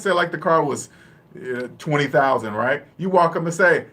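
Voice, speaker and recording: A man talking bluntly and casually about money and debt, laughing often and acting out quick little dialogues. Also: a little high, a bit bright. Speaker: personal finance vlogger. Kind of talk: casual live-stream talk.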